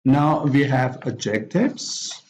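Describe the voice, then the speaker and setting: A man teaching an English pronunciation lesson, reading out example words one by one with pauses between them. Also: mid-range voice, animated, darkish tone, slight background noise, poor audio. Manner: deliberate, pausing after each example word. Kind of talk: slow spoken lesson reading word lists.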